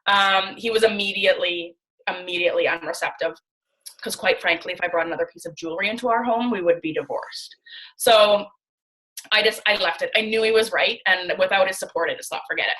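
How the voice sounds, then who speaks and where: Bright-voiced canadian woman, 30s, chatty storytelling on a zoom call, acts out the quotes. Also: medium pitch, a little fast, low-quality recording. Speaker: guest speaker on a training call. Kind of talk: casual storytelling on a video call. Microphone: video call.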